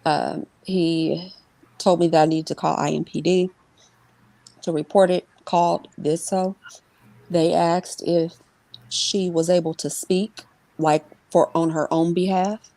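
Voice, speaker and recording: A woman giving an interview, telling a personal story in a quick, conversational way with many fillers and restarts and imitating the people in it. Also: on the low side, fairly even intonation, gravelly, mellow, no room sound. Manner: voices others in her retelling. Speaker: interview guest. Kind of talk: emotional personal account in an interview.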